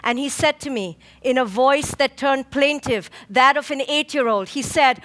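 A female clinical psychologist delivers an inspirational talk, speaking slowly and with emphasis, using rhythmic lists and dramatic pauses. Her voice sits high and sounds a bit bright.

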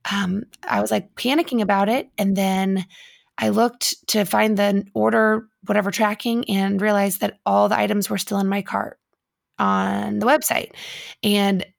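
Woman cohost chatting, a bit of vocal fry, dry close sound, tells stories all heartfelt. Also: medium pitch, little pitch movement, unhurried, no echo. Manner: chatty, emotional storyteller. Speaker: co-host. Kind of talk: casual chat.

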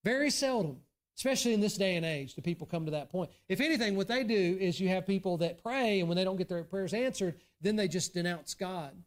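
High-voiced Southern pastor preaching. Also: male voice, fairly quick. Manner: earnest preaching, swinging from soft low asides to raised emphatic bursts. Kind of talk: sermon. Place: church sanctuary.

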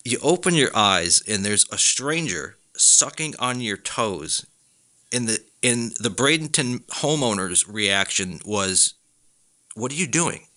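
A man hosting a podcast, ranting in a casual comic monologue, swearing often and mocking people in high put-on voices. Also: slow pace. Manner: animated, profane, laughs often, slips into high mocking voices. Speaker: podcast host.

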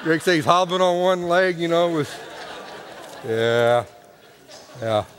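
A male preacher tells stories from the pulpit in a folksy, joking way, his grammar loose and casual. His voice sits fairly high for a man. It rings out with the long reverb of a large church sanctuary. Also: lively intonation, takes it slowly, a crowd in the background. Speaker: pastor. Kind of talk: storytelling sermon.

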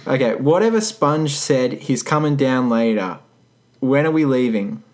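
A man casually reading a story aloud, breaking off for wry, deadpan comments. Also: medium pitch, a little slow. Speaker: podcast co-host reading fan fiction.

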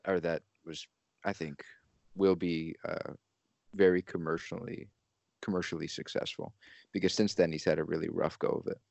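Deep gravelly man, halting. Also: flat delivery, a little mellow, no echo. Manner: halting, searching for words. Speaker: podcast co-host. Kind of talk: casual chat.

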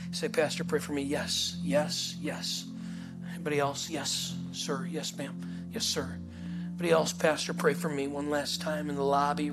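A male pastor, preaching a lively sermon in a church auditorium and acting out the story in voices. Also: fairly high pitch. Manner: animated, acts out the story in voices, calls "come on".

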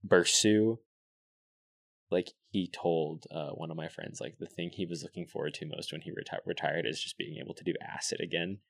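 A man's voice: low-pitched, steady tone, normal speed, creaky, no echo, clean studio sound. A young man, a podcast co-host, telling long rambling stories in casual chat, full of "like". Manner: rambling storyteller, heavy use of filler "like".

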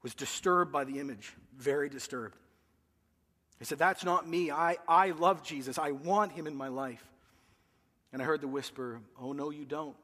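A man's voice: a little high, a bit bright, big-room sound. A man, a pastor, earnestly telling a personal story in a sermon, his voice rising when he quotes himself. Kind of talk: sermon testimony.

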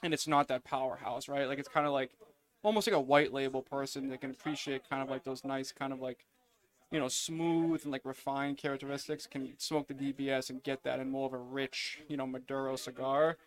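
A man's voice: mid-range voice, steady tone, brisk. Chatty man full of "like" fillers. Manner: filler-heavy, enthusiastic tasting notes. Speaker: podcast co-host reviewing cigars. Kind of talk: casual chat.

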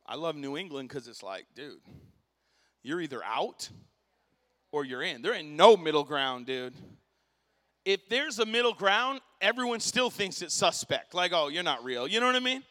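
Man, pastor, impassioned sermon, casual slang, bright sharp tone, long church reverb. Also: fairly high pitch, expressive, normal speed. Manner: impassioned, storytelling, rising to shouts; casual slang like dude and bro. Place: church sanctuary.

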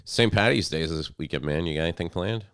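Man, low smooth voice, podcast co-host, joking banter, dry close sound. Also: fast talker, no room sound. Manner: joking, breaks into loud mocking impressions. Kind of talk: casual banter.

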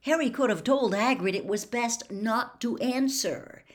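A woman reading a storybook aloud as narrator, slow and measured. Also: a little high.

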